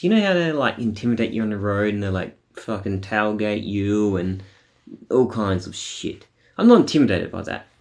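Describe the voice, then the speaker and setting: A man's voice: on the low side, a little mellow. Aussie guy venting to his cam, swears a lot, rambly, lots of ums. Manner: angry, swearing, rambling with many fillers. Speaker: vlogger. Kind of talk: casual venting monologue.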